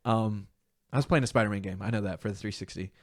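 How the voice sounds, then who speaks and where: A young man with a low-pitched voice recounts a painful memory as an interview guest, earnest and halting, slipping into the voices of the people he quotes. The sound is dry and close. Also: dry recording. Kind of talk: emotional personal storytelling.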